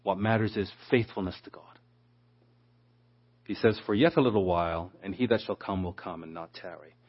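Male preacher, low husky voice, teaches scripture and voices the quotes, muffled lo-fi recording. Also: moderate pace. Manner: expository, acts out quoted speakers. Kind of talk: Bible teaching. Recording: dull lo-fi sound.

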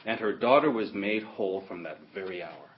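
A man's voice: sits low, lively intonation, a little fast, slight background noise. A man preaching an expository sermon, emphatic, repeating and stressing his points. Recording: dull lo-fi audio recording.

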